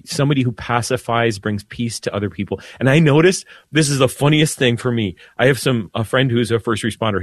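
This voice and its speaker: A man, a priest co-hosting a Catholic radio talk show, speaking calmly and earnestly, often dropping his voice to soothe. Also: dry recording. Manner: calm, lowers voice to soothe, earnest.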